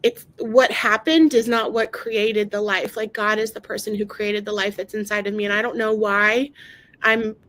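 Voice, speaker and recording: A woman telling an emotional personal story in an interview, talking haltingly with many fillers and restarts. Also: mid-range voice, little pitch movement, fairly bright tone, poor audio. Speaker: guest sharing her story. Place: lives in Maryland.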